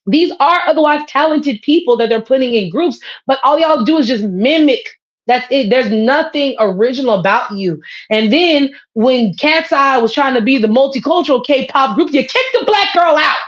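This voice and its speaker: Woman ranting, profane and high-pitched. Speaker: podcast co-host. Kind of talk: casual chat. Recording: dull lo-fi sound.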